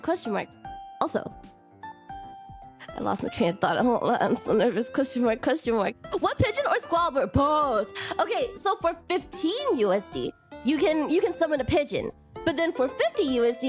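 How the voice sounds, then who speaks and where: A young woman hosts a casual live stream in a high-sitting voice that is strained from a recent illness. Bubbly and nervous, she stumbles, repeats words, and keeps adding a cutesy "question mark" tag to her sentences.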